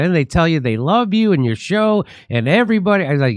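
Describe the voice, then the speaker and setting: A man's voice: on the high side, very animated, quick pace, few pauses, no room sound. Blunt profane American man host. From Chicago, United States. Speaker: show host. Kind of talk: casual political chat.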